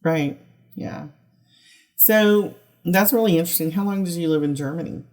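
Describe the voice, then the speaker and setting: A woman's voice: fairly low pitch, normal speed, a little mellow. A woman hosting a podcast, listening closely and asking open questions. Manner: attentive listener, short backchannels and open questions. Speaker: podcast host. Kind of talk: interview questions.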